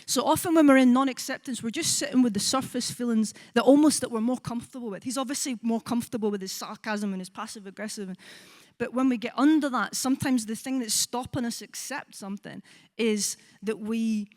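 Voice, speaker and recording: A Scottish woman in her forties, a psychologist giving a conference talk, lively and engaging, often checking in with the audience. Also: a little high, a little fast. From Scotland. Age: 40s. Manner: lively, asks the audience with frequent "right?" and acts out quoted voices. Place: conference hall.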